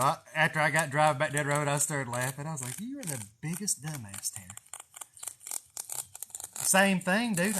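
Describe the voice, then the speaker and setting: A man's voice: a little high, a little hiss or hum. A young man, telling a rambling story with lots of cursing and laughing at himself. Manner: animated, profane, laughing at himself. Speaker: vlogger. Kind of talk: casual storytelling.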